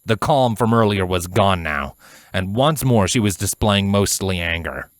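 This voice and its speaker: A man with a very low voice narrates a fan fiction audiobook. His delivery is measured and even, like a steady storyteller. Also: dry recording.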